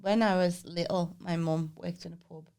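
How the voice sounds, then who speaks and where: A woman's voice: fairly low pitch, steady tone, normal speed, darkish tone, clean tone. A woman, co-hosting a podcast and telling stories in a chatty way, laughing often. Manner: chatty, laughs a lot, acts out quoted voices. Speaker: podcast co-host. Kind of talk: casual chat, storytelling.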